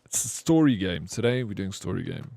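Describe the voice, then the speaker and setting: Casting laid-back male game streamer, gravelly voice, relaxed live chat. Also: lowish voice, fairly quick, dry recording. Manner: laid-back, chatting with viewers.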